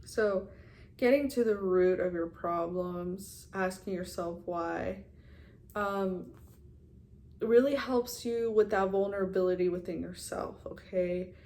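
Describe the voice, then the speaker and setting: A woman's voice: mid-range voice, takes it slowly, dark tone. A young woman in her twenties talking frankly and casually to her viewers, swearing now and then and calling them you guys. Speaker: vlogger. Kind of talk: candid personal vlog talk.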